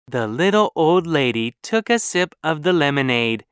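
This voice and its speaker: A narrator reading a children's story aloud in a clear, careful, measured way. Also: medium pitch, sing-song, a bit bright, dry recording, studio quality.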